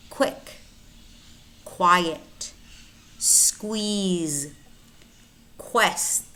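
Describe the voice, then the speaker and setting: A woman's voice: medium pitch, pushed and bright. A woman teaching English pronunciation, saying each example word twice with careful enunciation. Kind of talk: slow, deliberate pronunciation lesson.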